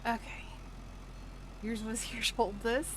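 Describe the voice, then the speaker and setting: A woman's voice: on the high side, flat delivery, takes it slowly, a little hiss or hum, rough recording. A woman livestreamer chatting casually with viewers while gaming, telling stories and laughing often.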